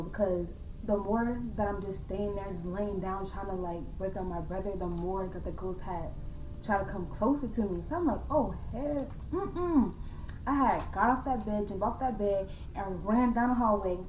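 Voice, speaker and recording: Young woman, casual slangy storytime, animated, echoey room, a bit off-mic, faint hum. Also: medium pitch, normal speed, distant mic. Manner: animated, acts out her own scared voice; slangy, talks to viewers as y'all. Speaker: vlogger.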